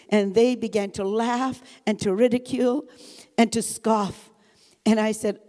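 An older woman tells her testimony in an earnest, halting way, leaning often on small filler words. Her voice is mellow and warm. It rings out with long reverb, as in a large hall. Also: mid-range voice, fairly even intonation. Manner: earnest, halting, with frequent "you know" fillers. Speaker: guest speaker giving testimony. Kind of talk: spoken personal testimony.

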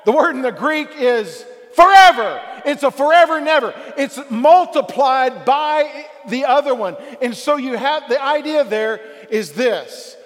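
A man preaching a sermon as pastor, emphatic and building to shouted passages. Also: very high voice, in a large hall.

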